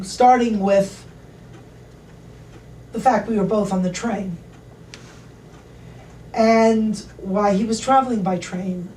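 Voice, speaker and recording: A woman telling a travel anecdote to an audience in a lively, chatty way. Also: medium pitch, far from the mic, slight background noise. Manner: animated, chatty anecdotal storytelling. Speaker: travel expert speaker. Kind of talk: casual storytelling to an audience. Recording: echoey room, voice from off mic, faint ambience.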